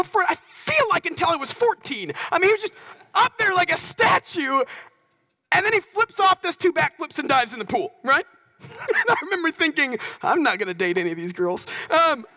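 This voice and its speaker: Man, high voice, storytelling talk, animated and chatty. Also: poor audio. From North Texas. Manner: animated, conversational, asks listeners "right?". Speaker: speaker.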